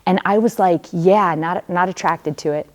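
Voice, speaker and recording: Low-voiced woman telling her story. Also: moderate pace, darkish tone. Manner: conversational storytelling, speaks straight to the audience; casual fillers such as "like" and "um". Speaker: religious sister giving a talk to students. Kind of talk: personal testimony talk.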